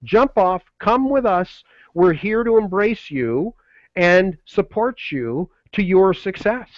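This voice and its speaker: A man co-hosting a webinar, delivering a pushy motivational sales pitch full of repeated slogans. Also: animated, slow pace, no room sound, dull audio. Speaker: webinar co-host.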